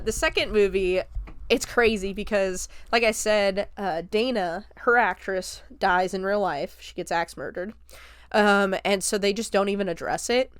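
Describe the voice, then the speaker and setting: A young adult woman hosting a podcast, casually retelling a film's plot in a profane, animated way and slipping into voices. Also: medium pitch, clear, resonant tone, dry recording, studio quality. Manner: profane, animated storyteller who jumps into quoted voices. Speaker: podcast host. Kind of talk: casual film review retelling.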